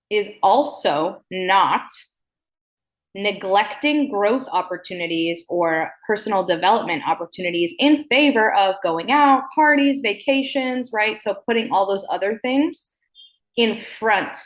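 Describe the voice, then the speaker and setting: A woman with a mid-range voice hosts a self-help podcast, deliberately slow and emphatic in her delivery. She often asks "okay?" to check in, swears casually, and comes across as frank and playful.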